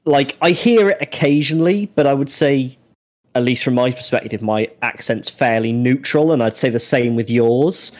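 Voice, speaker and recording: A man's voice: mid-range voice, normal speed, a little mellow. A man with a Shropshire accent, chatting casually and jokingly as a podcast co-host. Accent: Shropshire English. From Shropshire, England. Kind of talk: casual chat.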